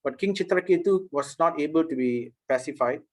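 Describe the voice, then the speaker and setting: A man's voice: a little high, brisk, darkish tone, rough recording. A man telling a spiritual story to a class, earnest, with frequent restarts and checks on his listeners. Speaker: spiritual teacher.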